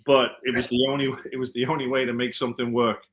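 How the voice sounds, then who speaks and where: A man from Liverpool with a Scouse accent softened by American, a guitar tech chatting in an interview and telling stories with many ums and restarts. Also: mid-range voice, level tone, fast, slight background noise. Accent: Liverpool (Scouse), with some American mixed in. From Liverpool, England. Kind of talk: casual interview chat.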